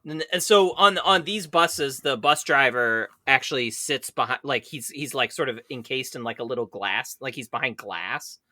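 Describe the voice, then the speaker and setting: Podcast co-host, male, very bright tone, dry close sound, rambling storyteller. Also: mid-range voice, moderate pace, hardly any pauses, no echo. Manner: rambling, many "like" fillers, laughs while telling. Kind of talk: casual storytelling chat. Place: San Francisco bus commuter.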